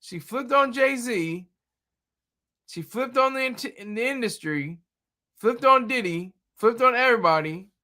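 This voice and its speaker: Man, livestream host, casual riffing, frequent laughs, bright tense voice. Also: extremely high pitch, measured pace. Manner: laughs often, animated, jokey riffing.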